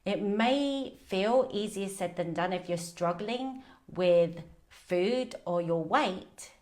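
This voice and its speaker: A woman's voice: medium pitch, slow pace, darkish tone. A woman coach talking candidly on a live video about food, rambling with fillers and restarts. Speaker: binge eating coach. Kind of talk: casual live video talk.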